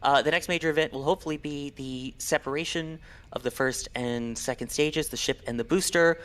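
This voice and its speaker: A man calmly walks listeners through a rocket countdown. His voice is smooth and clear at a middle pitch, and he adds an occasional filler as he goes. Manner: measured, informative, with fillers. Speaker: launch commentator. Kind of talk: live launch commentary.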